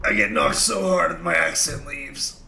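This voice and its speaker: A man playing in a tabletop game, animated and hesitant. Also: on the high side, moderate pace, creaky, echoey room. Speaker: player. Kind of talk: casual tabletop play.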